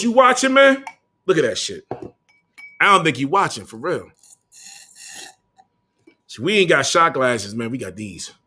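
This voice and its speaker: A man's voice: medium pitch, pushed and bright. A young man hosting a casual livestream, bantering loosely in slang, swearing and calling out to his viewers. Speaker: livestream host.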